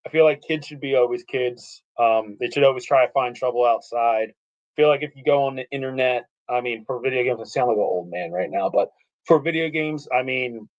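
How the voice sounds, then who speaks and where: Telling loose, animated stories with lots of fillers, a podcast guest in his thirties chats casually. He has a medium-pitched voice and talks fairly quickly. The sound is lo-fi.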